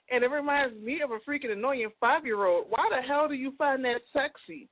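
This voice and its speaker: A woman with a notably deep voice co-hosts a casual talk show. She talks emphatically, keeps restating her point and laughs easily. Her voice comes through a dry, narrow, phone-like line. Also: a little fast, few pauses, dry recording. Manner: emphatic, repeats herself, laughs often. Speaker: co-host. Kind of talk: casual chat.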